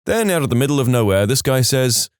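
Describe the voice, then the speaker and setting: A man's voice: mid-range voice, very animated, quick pace, smooth, no echo, clean studio sound. A man narrating submitted stories in a scripted storytime style, wry, with joking asides between stories.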